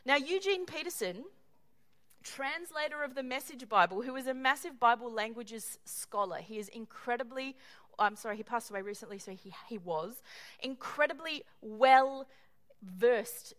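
A woman delivers a sermon in a high, bright-sounding voice. She preaches with animation, slipping into little acted-out voices and joking asides. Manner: animated, acts out quoted voices with humorous asides.

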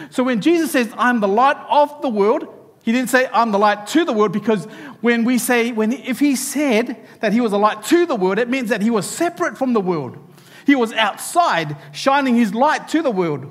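A man's voice: very high voice, lively intonation, moderate pace, in a large hall. A man preaching a sermon to a church, speaking animatedly and turning to the children directly. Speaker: pastor. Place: church hall.

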